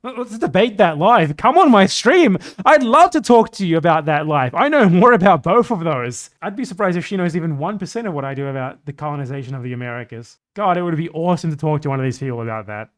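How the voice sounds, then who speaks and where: A young man doing live-stream commentary, combative and heavy on profanity. His voice sits a bit high for a man, and he jumps between quick outbursts and lower, muttered asides. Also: animated. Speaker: political streamer.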